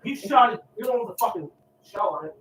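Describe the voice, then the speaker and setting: A drunk man shouts and swears, his voice leaping wildly up and down and sounding harsh and edgy. He is picked up from a distance on hissy stream audio. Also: high voice, expressive, fast talker. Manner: loud, profane, drunken yelling. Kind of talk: drunken ranting.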